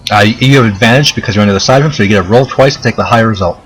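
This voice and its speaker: Low-pitched male game master, easygoing and rambly, faint music under. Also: very fast, rough recording. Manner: relaxed, explains rules with many fillers. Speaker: dungeon master. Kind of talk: running a tabletop game.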